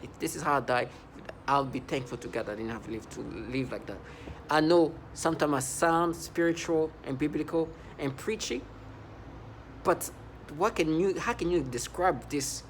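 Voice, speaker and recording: Heated man vlogging, fairly high pitched, rambles and restarts a lot. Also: normal speed, slight background noise. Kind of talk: agitated monologue to camera.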